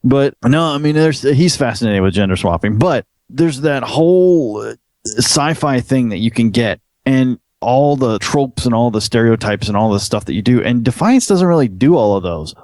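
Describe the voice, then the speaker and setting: A man hosting a fan podcast, talking excitedly and laughing often. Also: mid-range voice, no echo, studio quality. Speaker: podcast host. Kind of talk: casual chat.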